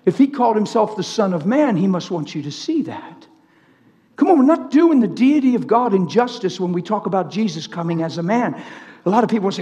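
A male preacher delivering a fervent, excitable sermon, swinging between shouting and hushed tones. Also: high voice, a little fast. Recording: reverberant hall.

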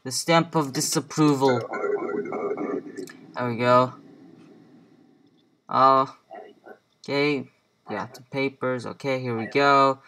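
A man's voice: medium pitch, fairly even intonation, slow pace, long pauses, sharp tone. A young man giving casual gameplay commentary, muttering to himself as he plays and sounding playfully bossy. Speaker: let's play gamer.

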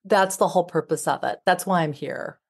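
A woman's voice: fairly low pitch, fairly quick, vocal fry, husky. Heartfelt, emphatic woman author. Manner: heartfelt, emphatic, repetitive phrasing. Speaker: guest, relationship expert and author. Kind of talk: podcast interview.

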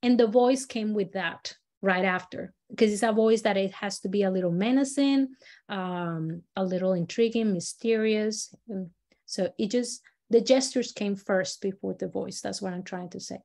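A woman's voice: mid-range voice, normal speed, a little mellow. A woman leading a storytelling workshop who talks in a chatty way, often restarting her sentences and acting out examples. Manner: chatty, many fillers and restarts, acts out examples. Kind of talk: casual teaching talk.

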